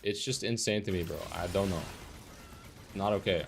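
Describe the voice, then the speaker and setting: A man's voice: low voice, fairly even intonation, moderate pace, gravelly, a little hiss or hum. A young man streaming a competitive game and commenting live, frustrated, swearing and ranting about his teammates.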